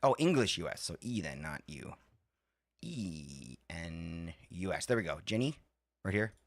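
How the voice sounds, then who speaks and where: A man's voice: sits low, sing-song, measured pace, dry recording. A man hosting a live stream, chatting casually and rambling between talking to his chat and fiddling with his setup. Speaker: livestream host.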